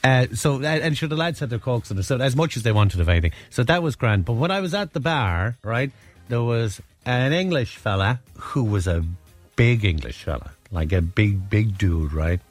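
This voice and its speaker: A man's voice: medium pitch, animated, moderate pace, soft background music. An Irish man telling a holiday story in casual chat, rambling and self-interrupting, often laughing at his own tale.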